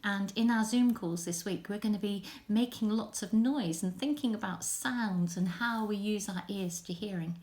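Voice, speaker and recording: A woman leading a children's group, telling a story from home in an animated way that drops to whispers. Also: mid-range voice, moderate pace, few pauses.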